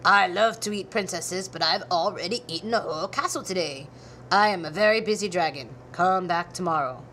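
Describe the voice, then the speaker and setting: Woman doing a boastful male dragon, slow drawl, self-important, storybook, bright tone. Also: on the low side, slight background noise, close to an everyday voice.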